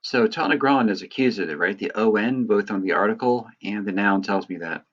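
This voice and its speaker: A man teaching a lesson, talking through examples in a relaxed, explaining way with lots of "uh" and "right". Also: on the low side, brisk, lo-fi sound. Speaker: Greek teacher. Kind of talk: recorded lecture.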